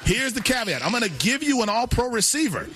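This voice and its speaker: A man hosting a sports talk show, quizzing his co-host in a brisk, teasing way. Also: very high voice, very animated, noisy background. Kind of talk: quiz-style sports debate.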